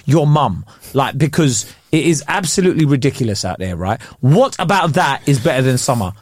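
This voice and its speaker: A man's voice: mid-range voice, lively intonation, a little fast, no room sound. A man, a comedian hosting a podcast, ranting in casual slangy chat.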